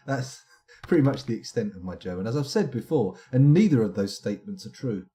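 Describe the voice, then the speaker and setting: A man's voice: medium pitch, animated, brisk, warm tone. A man streaming a game live, chatting and rambling to himself as he plays. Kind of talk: live let's-play commentary.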